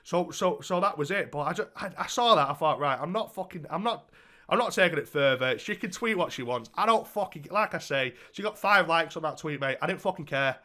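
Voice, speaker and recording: A man's voice: a little high, lively intonation, brisk, sharp tone. A young man co-hosting a podcast, telling a story in casual chat and swearing heavily. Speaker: podcast co-host.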